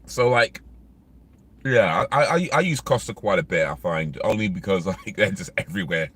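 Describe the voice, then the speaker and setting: A man's voice: sits low, animated, normal speed, a bit bright, husky. A man, vlogging in casual, rambling chat while eating in his car. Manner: rambling, chatty, many fillers. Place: inside a parked car.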